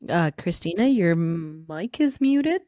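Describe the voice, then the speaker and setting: A playful woman co-host teases her friends in casual podcast chat. Her voice swings a lot in pitch and has a mellow, dark tone. The sound is dry and close. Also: sing-song, slow pace, no room sound. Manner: teasing and playful.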